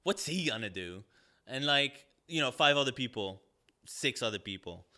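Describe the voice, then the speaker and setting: A man's voice: medium pitch, animated, normal speed, sharp tone. A man reviewing a movie on a podcast, ranting in a sarcastic, profane, rambling way with lots of fillers.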